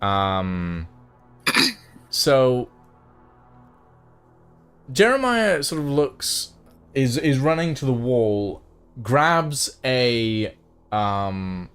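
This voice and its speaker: A man running a tabletop game as game master, narrating slowly with many fillers and pauses. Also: mid-range voice, very animated, a bit bright, smooth, soft background music. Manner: slow, halting with many fillers.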